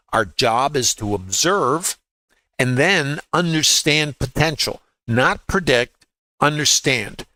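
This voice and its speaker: A man coaches viewers through a live chart in a bright, forceful voice. He hammers key words through repetition and keeps asking his audience rhetorical questions. The sound is close and dry, with no room in it. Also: mid-range voice, dry recording, rough recording. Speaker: trading educator. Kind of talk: live trading chart walkthrough.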